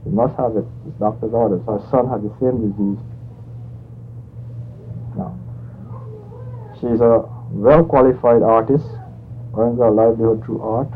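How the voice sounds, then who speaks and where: A man telling a story in a loose, rambling way, circling back and correcting himself as he goes. His voice sits at an ordinary middle pitch. The sound is thin and phone-like, with a faint hiss underneath. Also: fairly even intonation, unhurried, long pauses. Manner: rambling, conversational, with restarts. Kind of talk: spoken anecdote. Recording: tinny phone-like audio with faint noise.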